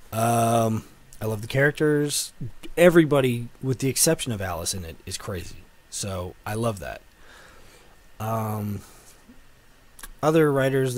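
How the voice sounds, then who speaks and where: A man's voice: medium pitch, darkish tone. A man in his thirties, a comic writer, reading out fan questions and answering them in a loose, rambling way full of fillers and swearing. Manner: loose and profane, with many fillers and self-corrections. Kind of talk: casual solo Q and A to camera.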